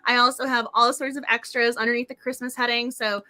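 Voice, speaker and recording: A woman hosting a book club livestream in casual, effusive chat, her voice slightly hoarse. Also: fairly high pitch, level tone, fairly quick, pushed and bright.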